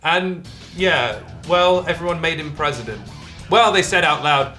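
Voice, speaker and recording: A young man hosting a comedic news segment, delivering absurd jokes deadpan with dramatic pauses. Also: a little high, soft background music. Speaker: host.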